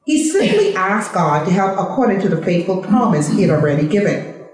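A woman in a Bible study group, reading a study guide aloud at a steady pace. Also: mid-range voice, fairly quick, very echoey, a little hiss or hum, rough recording.

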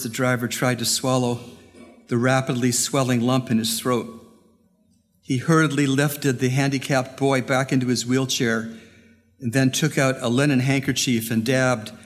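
A male pastor preaching a sermon and telling a story, earnest and deliberate with pauses. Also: mid-range voice. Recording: long hall reverb.

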